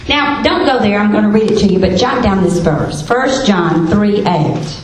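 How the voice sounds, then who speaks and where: A woman teaching a women's Bible study, expressive, asking rhetorical questions and reading scripture aloud. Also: mid-range voice, normal speed, soft background music. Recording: very echoey room, faint hiss.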